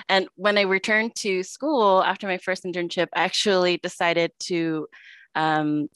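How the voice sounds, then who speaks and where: A young woman tells her path into her field on a panel. Her voice is lower and smooth, and the sound is close and dry. She talks easily, with a few fillers. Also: dry recording. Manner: relaxed, with light fillers and small laughs. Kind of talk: casual panel storytelling.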